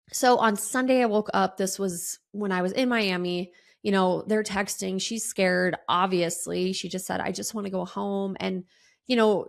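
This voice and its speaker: A woman's voice: fairly low pitch, vocal fry. A woman hosting a solo podcast, telling a personal story in a chatty way with many ums and restarts. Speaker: podcast host.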